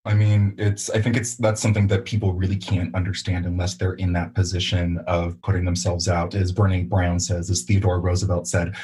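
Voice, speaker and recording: A man with a low, slightly husky voice hosts a podcast conversation. He speaks thoughtfully and affirms his guest's words. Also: level tone, fairly quick, hardly any pauses, dark tone, poor audio. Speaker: podcast host.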